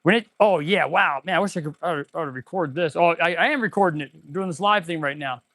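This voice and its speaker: High-pitched shop guy rambling on a livestream, gets all excited testing stuff, dry close mic. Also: fast talker, no room sound. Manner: excitable, rambling, talks to viewers while testing parts. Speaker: auto mechanic and shop owner hosting a livestream. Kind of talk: casual livestream chat while working. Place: auto repair shop, indoors. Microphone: clip-on mic.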